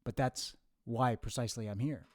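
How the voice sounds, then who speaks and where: A man playing his own future self, a nearly hundred-year-old time traveler who speaks slowly and lectures like a professor, with many hesitations. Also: mid-range voice, fairly even intonation, darkish tone, dry recording, close to an everyday voice. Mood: grave. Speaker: host. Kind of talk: comedy sketch with himself.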